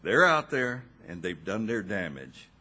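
A man delivering a sermon in an unhurried, deliberate way, letting his pitch rise and fall widely. His voice has a husky edge, and he drops in wry, dry asides between points. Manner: slow, expressive preaching with dramatic pauses and wry asides. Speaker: preacher.

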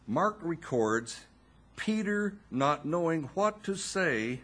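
A man delivering a sermon in an unhurried, deliberate way, letting his pitch rise and fall widely. His voice has a husky edge, and he drops in wry, dry asides between points. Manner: slow, expressive preaching with dramatic pauses and wry asides. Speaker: preacher.

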